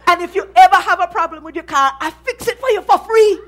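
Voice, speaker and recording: A woman voicing an eager young Jamaican mechanic in a heavy Jamaican accent, loud and excited. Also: very high-pitched, fast talker, pitched above the performer's own voice.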